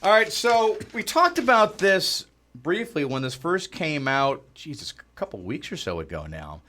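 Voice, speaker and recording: A man's voice: a little high, huge pitch swings, a little slow, bright, forceful tone. A man co-hosting a podcast, chatting casually and easygoing, often reacting with short replies. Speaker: podcast co-host. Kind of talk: casual chat.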